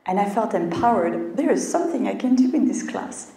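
A woman's voice: medium pitch, a little fast, hardly any pauses, recorded from a distance. Storytelling woman in an echoey room. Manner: storytelling, animated, acts out her inner voice. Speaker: health coach. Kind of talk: motivational talk.

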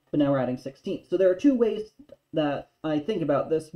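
A man's voice: on the high side, lo-fi sound. A man teaching an online music theory lesson, explaining plainly and counting rhythms aloud with sung syllables.

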